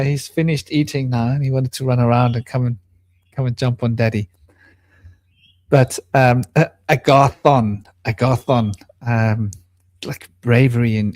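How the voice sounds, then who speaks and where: A man's voice: mid-range voice, dry recording. A man chatting casually about spiritual topics on a video call, rambling with frequent restarts. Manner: talks in a soft baby voice to a small pet bird. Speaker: co-host.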